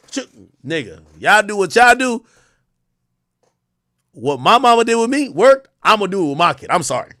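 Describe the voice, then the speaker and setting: This livestream host rants with profanity in a rather high male voice, bouncing between shouted bursts and mumbled side remarks so his pitch swings widely. The audio is dry and close-miked, with no echo from the room.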